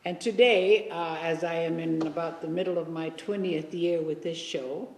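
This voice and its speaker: A woman's voice: low-pitched, fairly even intonation, normal speed, vocal fry, darkish tone, a little hiss or hum. A woman hosting a local interview show, chatty and playful, laughing often. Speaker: talk show host. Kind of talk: casual interview chat. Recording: echoey hall with long reverb.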